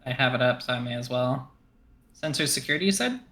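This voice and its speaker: A man's voice: mid-range voice, animated, quick pace, gravelly, sharp tone. A man playing a tabletop game, talking through his rolls in a casual, matter-of-fact way. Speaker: player.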